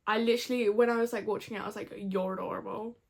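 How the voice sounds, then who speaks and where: A woman's voice: on the high side, level tone, rapid-fire. A young woman recapping a TV episode to camera in a gushing, dramatic, chatty way. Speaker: vlogger.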